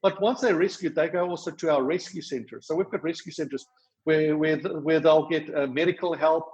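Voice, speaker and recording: In a muffled podcast recording, a South African man describes the rescue work his charity does. His fairly high voice is a little mellow, and he speaks quickly, full of fillers and restarts.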